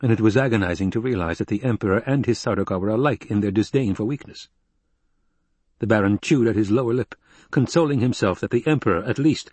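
A man narrating an audiobook in a measured, steady way. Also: fairly low pitch, breathy edge, dry recording.

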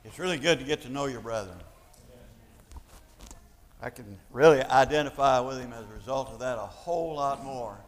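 A man preaching a sermon, stumbling over restarts and then building to loud, emphatic points. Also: mid-range voice, normal speed, long pauses, slight background noise. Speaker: pastor. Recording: long church-hall reverb.

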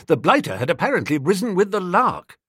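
A man reading a comic novel aloud as narrator, telling it with lively, wry, dry humor. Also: high-pitched, fairly quick, breathy edge, dry recording. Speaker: audiobook narrator.

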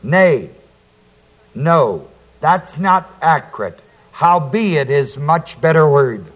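Slow, deliberate male Bible teacher. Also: on the high side, lively intonation, poor audio. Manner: slow, deliberate, quotes scripture then explains; asks the audience to fill in words. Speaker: preacher.

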